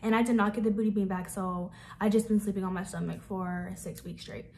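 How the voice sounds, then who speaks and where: Young woman, casual rambling vlog talk, middle pitch, lots of fillers. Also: fairly even intonation, fairly quick, a little mellow, a little hiss or hum. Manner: chatty, rambling, many fillers. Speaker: vlogger.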